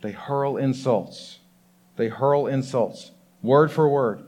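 A man preaching a sermon to a congregation, animated and emphatic. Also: mid-range voice, takes it slowly, in a large hall. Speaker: pastor. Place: church hall with congregation.

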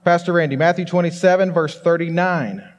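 Male pastor, fairly high voice, lively emphatic sermon delivery, big reverberant church hall. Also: fairly quick. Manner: animated, emphatic preaching to a congregation.

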